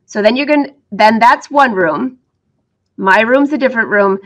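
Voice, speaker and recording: In a fairly high voice at a moderate pace, a middle-aged woman who teaches sewing chats casually and cheerfully to her audience. She laughs a lot while struggling against the hiccups.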